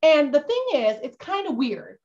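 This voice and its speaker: A woman's voice: sits high, big pitch swings, normal speed, a little mellow, pitched above the performer's own voice. A woman playing a bumbling, jittery male schooner captain who insists he isn't cursed, in a storytelling role-play for kids over a video call. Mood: instructive. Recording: dull lo-fi video-call audio.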